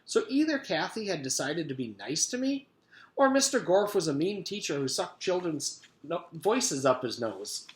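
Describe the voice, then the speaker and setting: A man doing a high sing-song lunch lady. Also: very animated, normal speed. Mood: chatty. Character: fussy cheerful woman cafeteria cook. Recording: roomy echo.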